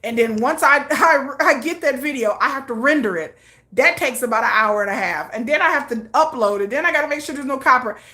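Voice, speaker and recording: Excitable middle-aged lady gossiping about k-pop, high bright voice. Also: fairly quick. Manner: chatty, excitable, breaks into acted quotes. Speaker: K-pop news host. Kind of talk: casual chat.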